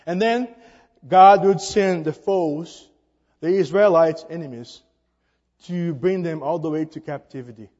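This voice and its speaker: High-voiced man preaching in a reverberant hall. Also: a little mellow. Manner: emphatic, rising on rhetorical questions, with halting fillers. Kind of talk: sermon. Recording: dull sound with long reverb.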